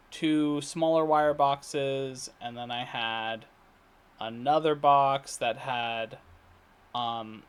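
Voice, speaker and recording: A man talking casually in a daily video diary, rambling and halting with many fillers, restarts and throat clearing. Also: mid-range voice. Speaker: vlogger. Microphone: computer recording setup.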